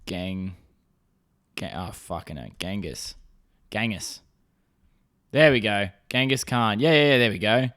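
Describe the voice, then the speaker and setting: A man's voice: on the low side, a bit bright. Young guy, solo podcast host, loose rambling delivery, heavy swearing, a little sore-throated. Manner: rambling, swears often, lots of fillers. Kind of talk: casual solo podcast monologue.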